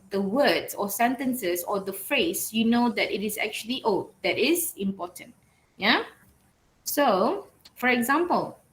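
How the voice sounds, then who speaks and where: A woman gives an online lecture at an unhurried pace. Her voice sits a little high, and she leans on key words and checks in often with "okay" and "all right.". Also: a bit bright, low-quality recording. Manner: slow, repeats and stresses keywords, frequent "all right" and "okay". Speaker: university English lecturer.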